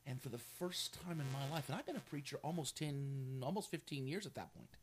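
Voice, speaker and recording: A man preaching a sermon as a pastor, telling a story with animated energy and laughter. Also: mid-range voice, a little fast, slight background noise.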